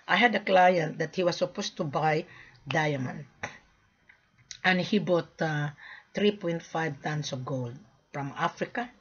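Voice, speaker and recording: Husky woman with a lilt. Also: deep voice, measured pace, long pauses. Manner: storytelling, acts out both sides of conversations; frequent throat clearing. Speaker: gold and diamond sales mandate. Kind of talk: casual monologue. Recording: dull lo-fi recording.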